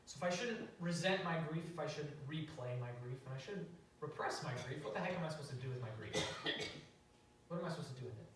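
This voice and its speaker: Young man, preacher, casual story sermon, slightly high voice, very echoey hall, far from the mic. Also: quick pace, slight background noise. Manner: casual storytelling sermon with many fillers and restarts. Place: church sanctuary.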